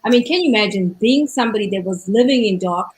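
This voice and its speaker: Fast-talking woman with an accent, chatting. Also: medium pitch, rough recording. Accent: non-native English accent. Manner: talks fast and rolls her R's when excited. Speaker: co-host. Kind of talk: casual chat.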